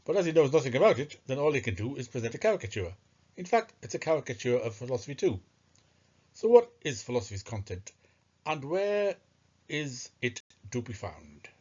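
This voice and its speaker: Husky man giving scornful philosophy commentary. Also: medium pitch, sing-song, a little fast, a little mellow. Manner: discursive and scornful, thinking aloud with hesitations. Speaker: philosophy video narrator. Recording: muffled lo-fi recording.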